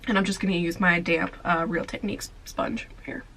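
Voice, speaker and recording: A woman's voice: fairly low pitch, level tone, moderate pace, a bit bright, a little hiss or hum, low-quality recording. A young woman vlogger, tired and sleepy, chatting casually through a makeup tutorial with lots of filler words. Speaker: beauty vlogger.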